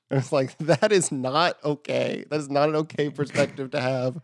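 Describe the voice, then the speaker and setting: A man's voice: mid-range voice, steady tone, normal speed, gravelly, few pauses, no echo, studio quality. A man chatting on a podcast about a movie, rambling and laughing often. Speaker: podcast host. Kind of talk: casual podcast chat about a film.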